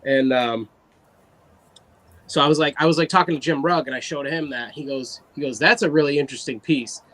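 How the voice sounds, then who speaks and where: A man casually telling an animated story about his art, full of fillers and quoted asides. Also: fairly high pitch, brisk, low-quality recording. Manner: animated, loose anecdote with fillers. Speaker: guest artist.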